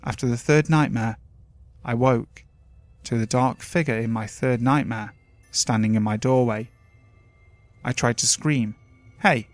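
Male narrator, middle pitch, measured horror-story reading, soft music bed. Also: no echo. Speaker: narrator of submitted stories. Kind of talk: scripted narration of horror stories. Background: faint music.

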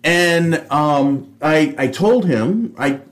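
A man's voice: a little high, lively intonation, very slow. A man co-hosting a podcast, a former police officer, chiming in with short wry asides and remarks. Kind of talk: casual chat.

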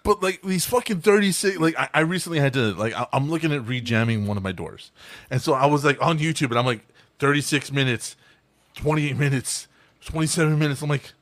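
A man's voice: fairly high pitch, expressive, fairly quick, dry recording. A man co-hosting a casual reaction show, swearing freely and laughing a lot as he jokes. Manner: loud, swearing, laughs often. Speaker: co-host reacting to a video. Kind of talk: casual profane banter.

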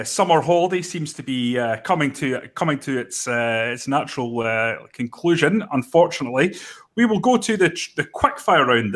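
A man's voice: mid-range voice, fairly bright tone. A man hosting a casual football podcast, moving the talk along with wry remarks. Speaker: podcast host.

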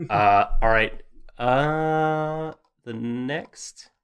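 A man's voice: on the low side, lively intonation, unhurried, a bit bright. A man co-hosting a casual podcast chat, rambling and self-deprecating with many fillers. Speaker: podcast co-host. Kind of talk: casual anime discussion chat.

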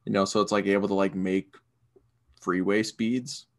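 A man co-hosting a podcast, chatting in a relaxed, rambling way with lots of fillers. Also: low-pitched, moderate pace. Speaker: podcast co-host. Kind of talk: casual chat.

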